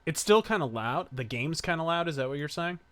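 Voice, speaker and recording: A man running a live game stream from a home setup, talking loud and crude and swinging his voice up and down with every beat of the game. His tone is bright and cutting, spoken close into a desk mic. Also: fairly high pitch, fairly quick. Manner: loud, profane, jumps to excited yells while gaming. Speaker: stream host.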